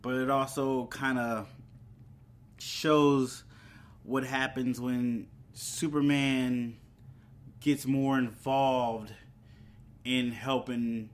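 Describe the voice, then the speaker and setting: Guy doing a laid-back movie review for his channel, rambly, lots of ums, mid-pitched voice. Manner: chatty, loose, many ums and restarts. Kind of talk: casual video review.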